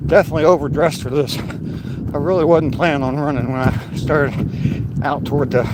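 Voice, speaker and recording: A man's voice: on the high side, steady tone, normal speed, heavy background noise. An older man vlogging casually while walking an outdoor woodland trail, joking, chuckling and greeting passersby, recorded on a phone. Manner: chatty, jokey, chuckles often, talks to passersby.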